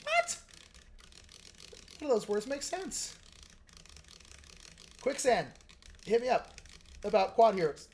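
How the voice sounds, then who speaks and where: A man's voice: very high-pitched, lively intonation, a little slow, vocal fry, pauses often, a little mellow, slight background noise. A man hosting a live stream, chatting casually and meandering while he explains his painting technique and answers viewers.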